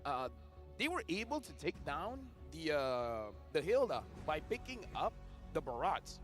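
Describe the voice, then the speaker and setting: A young man co-casting an esports match on a live stream, animated and playful. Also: on the high side, unhurried, over music. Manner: animated, playful, fond of putting on voices. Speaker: esports co-caster. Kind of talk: casual live-stream commentary.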